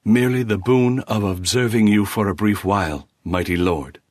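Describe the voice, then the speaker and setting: A man's voice: fairly low pitch, moderate pace, no room sound, lightly acted. A man voicing a kneeling stranger with courtly speech. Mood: humble, formal. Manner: archaic courtly phrasing. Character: strange young man in furs, kneeling, formal and flowery.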